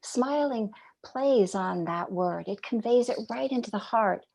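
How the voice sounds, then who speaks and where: A woman giving a reflective dharma talk as a meditation teacher. She speaks gently and in a measured way, asking rhetorical questions and dropping some phrases to a near whisper. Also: fairly high pitch, lively intonation, creaky.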